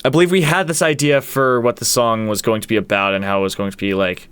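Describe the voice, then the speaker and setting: A man's voice: mid-range voice, fairly even intonation, fast, fairly bright tone, smooth, no echo. A man who is a band's producer and guitarist, casually walking through how a song was made and counting out its beats aloud. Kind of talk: casual walkthrough of a song's production.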